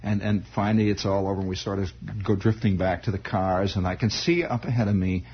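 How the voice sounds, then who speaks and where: A man telling a personal story in a halting, rambling way, full of restarts and asides. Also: deep voice, breathy edge. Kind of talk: spoken storytelling monologue. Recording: dull lo-fi old recording.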